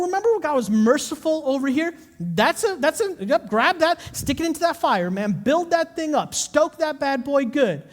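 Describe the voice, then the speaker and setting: A man with a notably high voice delivers a live sermon in a church auditorium. He tells stories with animated energy and then drops to quiet, intense urging. A long reverb trails his words through the hall. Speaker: pastor.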